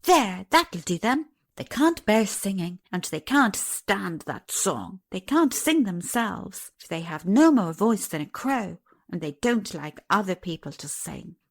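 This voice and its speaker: A woman voicing a confident, cheerful young miner boy who speaks briskly and plainly. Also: medium pitch, animated, vocal fry.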